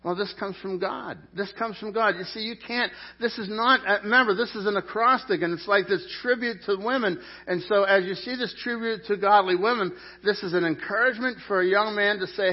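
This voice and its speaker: A middle-aged man preaching a sermon in an animated, jokey way, with sudden loud peaks. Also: sits high, normal speed. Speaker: pastor. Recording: dull lo-fi sound.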